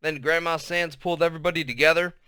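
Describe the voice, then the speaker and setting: Man, audiobook narration, expressive reading, smooth crisp voice, slightly high. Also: fast, dry recording, clean studio sound. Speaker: audiobook reader. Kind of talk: storybook narration.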